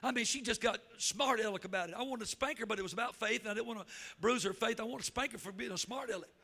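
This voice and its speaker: Man, preacher, folksy storytelling sermon, high voice, bright tone. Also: fast, vocal fry. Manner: folksy, animated storytelling with acted quotes. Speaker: traveling preacher.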